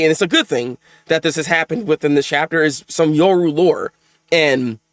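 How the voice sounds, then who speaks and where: Animated, exasperated man reacting live. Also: on the high side, dry recording. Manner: excitable, exasperated, talks fast with many restarts. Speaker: manga reaction host.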